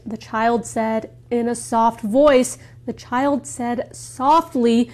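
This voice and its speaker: A woman teacher slowly explaining words in a story for English learners. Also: fairly high pitch, steady tone. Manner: slow, clear explanations.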